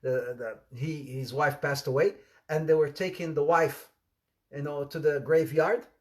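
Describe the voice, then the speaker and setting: A man giving an informal sermon, telling anecdotes in an animated way with laughter and repetition. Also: on the high side, measured pace. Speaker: Islamic preacher.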